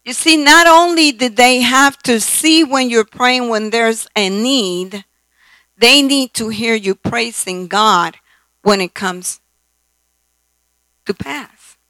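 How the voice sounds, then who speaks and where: Older woman preacher, slow telling of stories, repeats lines to drive a point home, bright tone. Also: a little high, no room sound, low-quality recording. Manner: slow, storytelling, repeats phrases for emphasis. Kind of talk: sermon.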